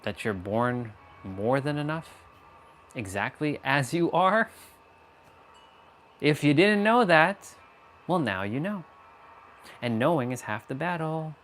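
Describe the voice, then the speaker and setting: A man's voice: medium pitch, animated, measured pace, fairly bright tone, slight background noise. A man hosting a casual motivational livestream, rambling and playing with words while talking to his chat. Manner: rambling, playful wordplay, talks to chat. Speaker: livestream host. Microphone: phone or laptop for live stream.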